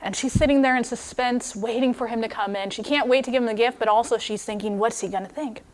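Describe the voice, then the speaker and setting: Woman, young adult, preacher, sermon storytelling, fairly high-pitched, expressive. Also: fast talker.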